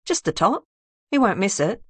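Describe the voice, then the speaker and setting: A woman's voice: medium pitch, very animated, normal speed, husky, dry recording. A woman voicing a blunt, sardonic woman sleuth in an audiobook who swears often. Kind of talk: audiobook character reading.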